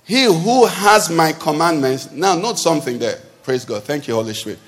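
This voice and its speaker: A man's voice: fairly high pitch, expressive, moderate pace. A man preaching a sermon, questioning the congregation and calling for responses. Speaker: pastor. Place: church hall. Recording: long hall reverb.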